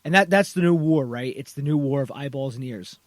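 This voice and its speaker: A man's voice: mid-range voice, brisk, dry recording, studio quality. A man hosting a podcast interview, rambling casually with many restarts and "you know"s. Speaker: podcast host.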